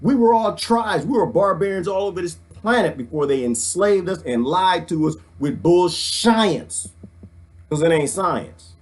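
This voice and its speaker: A middle-aged man, ranting excitedly to his viewers, preaching and swinging his handheld mic as he talks. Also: sits high, unhurried. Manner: swings the mic around while talking. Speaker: vlogger. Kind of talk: excited casual rant.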